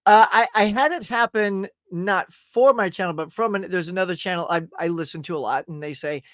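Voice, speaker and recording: A man's voice: sits high, a little fast, a bit bright, dry recording, studio quality. A man hosting a casual interview, talking enthusiastically, laughing often and rambling through his stories. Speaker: podcast host.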